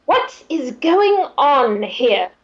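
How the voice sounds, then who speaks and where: A brash, meddling young woman, as a woman puts her on in a tabletop game, demanding to know what is going on. She speaks slowly in a high voice, set back from a dull, lo-fi mic. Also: sing-song, heavily acted. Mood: alarmed.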